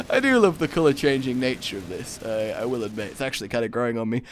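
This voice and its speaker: A man in his twenties, chatting over gameplay and telling a funny story with excitable outbursts. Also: mid-range voice, fairly quick, pauses often. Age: 20s. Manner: excitable anecdote-telling, bursts into loud exclamations. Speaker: gaming YouTuber.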